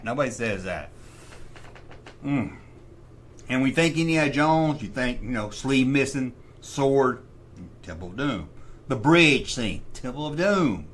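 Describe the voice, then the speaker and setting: With a mid-range, unhurried voice, a middle-aged man hosts an easygoing livestream chat. He's spirited and opinionated, narrating his own decisions to himself as he goes.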